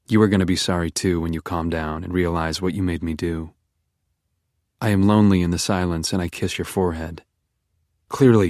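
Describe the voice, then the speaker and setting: A man narrating a first-person psychological thriller audiobook in a calm, controlled, menacing manner. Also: low voice, no room sound, clean studio sound.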